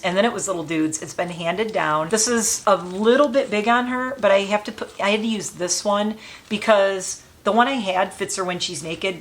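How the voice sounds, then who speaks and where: A woman vlogging casually as she packs her puppy's travel bag, talking in a chatty and openly emotional way with warm, sentimental asides. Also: mid-range voice, slight background noise. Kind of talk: casual chat.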